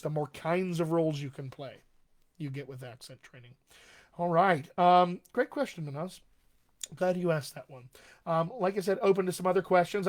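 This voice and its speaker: Male dialect coach on a live stream, slightly higher voice, chatty and encouraging, keeps checking in with viewers. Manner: chatty, encouraging, tags lines with "all right?". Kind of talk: casual live-stream advice talk.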